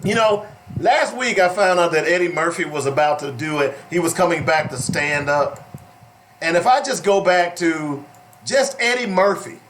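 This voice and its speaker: A man hosting a talk radio show in a drawl, his voice sitting somewhat high. He jokes, teases and breaks into laughter as he reads. A faint steady noise runs under the studio mic. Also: moderate pace. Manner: joking, laughs often, playful put-on drawl. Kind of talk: casual talk radio banter.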